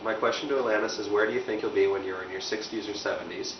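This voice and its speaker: Lower-voiced man reading fan questions. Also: fairly even intonation, quick pace. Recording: distant, roomy, dull recording with faint noise.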